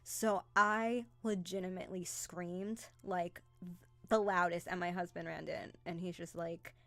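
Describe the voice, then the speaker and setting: A young adult woman hosting a casual live stream, chatty and excitable, greeting viewers by name as she talks. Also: on the low side, unhurried, dry recording, faint music behind.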